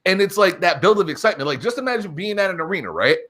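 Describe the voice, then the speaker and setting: Animated, high-voiced man ranting. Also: rapid-fire. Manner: animated, profane, builds excitement. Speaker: podcast co-host. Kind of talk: casual chat.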